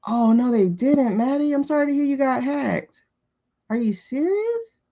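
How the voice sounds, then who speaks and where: A woman's voice: high voice, moderate pace, warm tone, highs cut off. A woman doing a live tarot reading, chatting animatedly and greeting viewers by name. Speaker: tarot reader.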